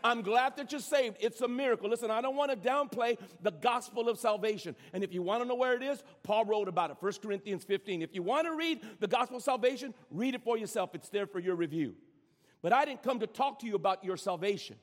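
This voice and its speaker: High-voiced pastor preaching in a reverberant hall. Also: male voice, lively intonation, fast talker. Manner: repeats words when starting a phrase. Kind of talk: sermon. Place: large church sanctuary.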